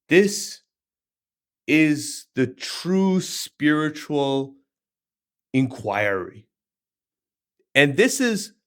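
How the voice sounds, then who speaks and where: Young male reader-commentator, casual and emphatic, swooping pitch, slow delivery. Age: 20s. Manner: animated, emphatic, slangy asides. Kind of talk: reading scripture with casual commentary.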